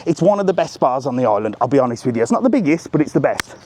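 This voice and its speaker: A man's voice: mid-range voice, rapid-fire. Chatty man on a walking tour. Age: middle-aged. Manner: chatty, animated, keeps saying "look". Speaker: travel vlogger. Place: outdoors around a hotel resort.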